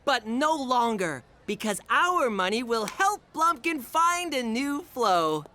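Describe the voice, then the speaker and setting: An actress voicing a dopey teenage boy who talks in a goofy, deadpan way. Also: a little high, slow, slight background noise, full character voice. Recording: music in the background.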